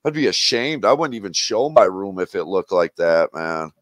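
Man from Wisconsin, livestream host, casual chat, blunt and profane, low voice, dry close sound. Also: very animated, normal speed, dry recording.

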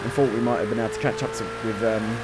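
Swearing man over loud car engine noise. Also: on the low side, rapid-fire. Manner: excitable, swears at the game, laughs at himself. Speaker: gaming video creator. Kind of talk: let's-play gameplay commentary. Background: car engines from the game.

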